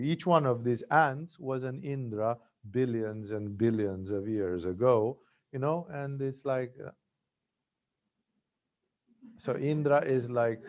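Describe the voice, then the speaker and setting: A man's voice: mid-range voice, measured pace. A man teaching yoga, telling stories in a conversational spiritual talk with frequent tag questions.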